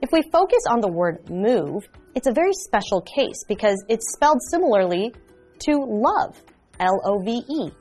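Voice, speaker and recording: Lively woman teaching English pronunciation. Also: on the high side, soft background music. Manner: slow, careful enunciation of sounds. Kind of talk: pronunciation lesson.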